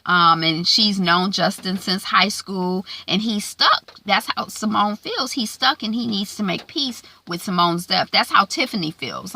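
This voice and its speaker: A woman recapping a TV episode in a loose, chatty way, with frequent ums and "you know"s. Her voice is bright and forward at a middle pitch. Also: moderate pace, hardly any pauses. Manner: chatty, filler-heavy retelling. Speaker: TV recap vlogger.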